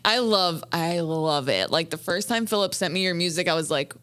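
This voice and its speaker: Bright chatty woman hosting an interview. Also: lowish voice, lively intonation, normal speed, clean tone. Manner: chatty, encouraging, says "right" and "like" often. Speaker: podcast host. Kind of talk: casual interview.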